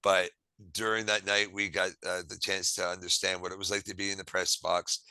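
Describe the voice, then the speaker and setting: A man telling stories in a casual chat, lively and acting out the dialogue. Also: low voice, fairly quick, clear, resonant tone, no echo, low-quality recording. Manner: lively, acts out quoted dialogue; self-described quirky. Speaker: podcast host. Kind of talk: casual storytelling.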